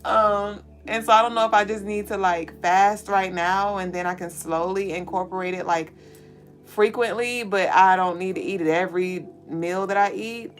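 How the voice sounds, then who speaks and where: Woman, spiritual show host, candid casual venting, low-pitched, swears freely, near tears, faint music behind. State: holding back tears. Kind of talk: casual venting monologue to viewers.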